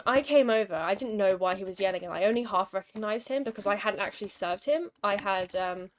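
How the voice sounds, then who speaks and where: Against background noise, a young woman with a medium-pitched voice streams a game and chats casually. Between moves she tells an exasperated, wry story, mixing gaming commentary with storytelling.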